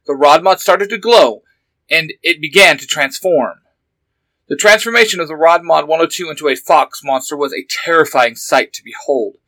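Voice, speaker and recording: Bright-voiced young man reading a story. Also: fairly high pitch, moderate pace, dry recording, poor audio. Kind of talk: reading fan fiction aloud.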